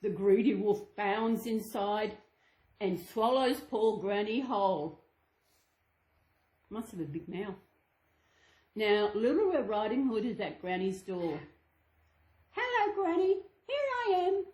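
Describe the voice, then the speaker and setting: A woman's voice: mid-range voice, slow, pauses often, mellow. A woman channel host reading a children's storybook aloud to her dolls, sing-song with chatty asides. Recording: echoey room.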